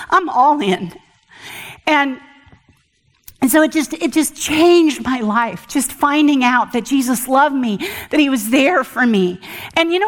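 An older woman giving an earnest personal testimony at church, halting often and restarting her sentences. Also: sits high, fairly bright tone, long reverb tail. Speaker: church speaker.

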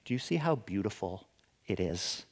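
A man's voice: on the low side, moderate pace, husky. A man preaching a sermon as a pastor, asking the listeners questions and often adding "right?" as he restarts his sentences. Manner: animated, asks the listeners rhetorical questions; frequent restarts and "right?" tags.

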